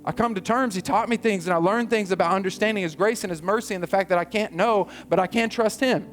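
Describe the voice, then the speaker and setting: A man with a high, bright voice preaches to his congregation, lively and conversational. He acts out quoted voices, and a faint instrumental bed plays behind him. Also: quick pace, soft background music. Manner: animated preaching, acting out quoted voices, laughing. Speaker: pastor. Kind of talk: sermon.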